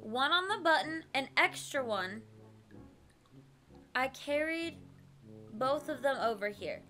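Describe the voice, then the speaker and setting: A young woman streaming a video game, loudly and excitedly giving her partner step-by-step instructions and laughing often. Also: high voice, takes it slowly, soft background music. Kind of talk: casual gameplay chat.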